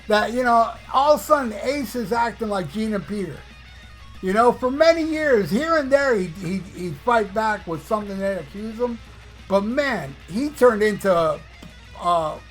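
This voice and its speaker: A man with a notably high voice, talking in a casual podcast monologue. He rants bluntly and swears freely, like a fed-up fan, while faint guitar music plays behind him. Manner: blunt, profane ranting fan. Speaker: podcast host.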